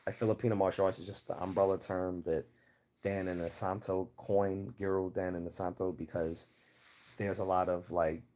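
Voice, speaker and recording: Hosting a livestream Q&A, a Baltimore-accented man answers viewer questions in a rambling, casual manner, with frequent fillers and restarts. He has a deep, dark voice with flat delivery at normal speed.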